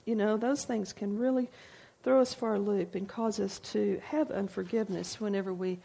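A woman's voice: medium pitch, fairly even intonation, normal speed, gravelly, dark tone, slightly rough. An older woman giving an informal devotional talk, telling personal stories with folksy asides. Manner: folksy storytelling with frequent asides. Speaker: speaker sharing testimony.

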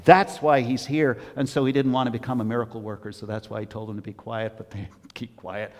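A male pastor giving a conversational sermon that swings between hushed asides and emphatic bursts. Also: on the low side, fairly even intonation, fast talker, big-room sound.

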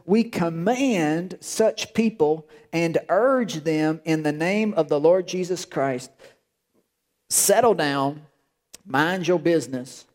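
Man, pastor, sermon, emphatic, repetitive, slightly high voice. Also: a little mellow. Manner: repetitive, emphatic, frequent restarts.

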